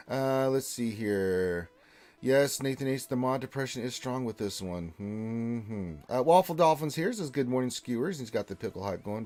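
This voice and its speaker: A man's voice: medium pitch, darkish tone. A man co-hosting a casual livestream, reading out viewer greetings and chatting with a rambling, opinionated manner. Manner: reads chat names and greetings aloud, rambling and opinionated. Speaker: livestream co-host.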